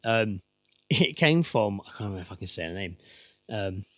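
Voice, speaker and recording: Deadpan joking podcast co-host. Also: male voice, on the low side, moderate pace, dry recording, studio quality. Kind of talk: casual chat.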